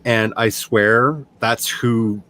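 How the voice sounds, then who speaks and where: A man's voice: on the low side, fairly even intonation, very slow, bright, forceful tone, slight background noise. A man who is an author and streamer, chatting casually on his livestream, telling stories with frequent stammered restarts.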